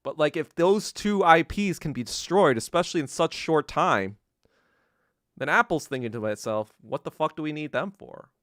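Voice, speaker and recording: A man hosting a podcast in a casual, profane rant that swings between low muttering and loud outbursts. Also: lively intonation, normal speed, dry recording, studio quality. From Korea. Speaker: podcast host. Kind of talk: casual ranting monologue.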